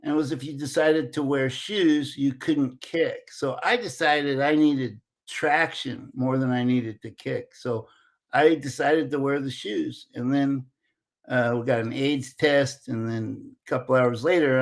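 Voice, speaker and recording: A man in his sixties, an interview guest telling a lively anecdote and acting out the dialogue. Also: medium pitch, a little slow, gravelly. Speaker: interview guest, former Olympic wrestler. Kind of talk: casual storytelling.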